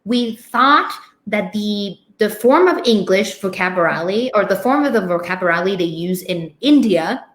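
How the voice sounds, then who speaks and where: A woman's voice: medium pitch, animated, moderate pace. Woman host, echoey live chat. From Thailand. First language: Thai. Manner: laughs often, hesitant restarts. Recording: echoey room.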